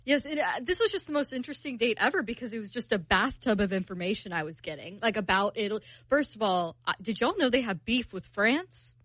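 A woman's voice: fairly high pitch, expressive, quick pace, hardly any pauses, fairly bright tone, no echo. Chatty woman host. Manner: chatty, giggly storyteller. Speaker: radio show co-host. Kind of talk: casual chat.

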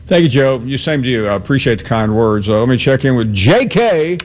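A man hosting a call-in sports radio show, giving brief, even replies and introductions. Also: mid-range voice, brisk. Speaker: radio host.

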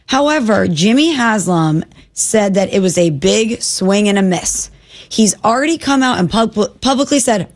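A woman co-hosting a sports radio show, arguing her football opinions in a direct way. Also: medium pitch.

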